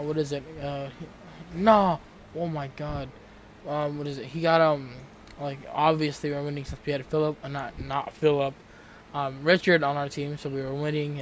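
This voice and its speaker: A young man in his late teens, with a voice on the high side, tells a story in casual conversation. He rambles with plenty of fillers and restarts, and there's a little hiss or hum in the recording.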